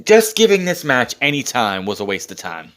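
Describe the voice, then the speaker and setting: A man's voice: medium pitch, sing-song, normal speed, a bit bright. A man recapping a show in a casual, blunt and sarcastic way, with swearing and filler words. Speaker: wrestling show reviewer.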